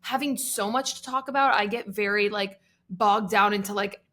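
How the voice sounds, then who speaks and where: A woman's voice: mid-range voice, moderate pace, fairly bright tone. A young woman co-hosting a podcast, chatting casually with lots of filler words. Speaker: podcast co-host. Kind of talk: casual chat.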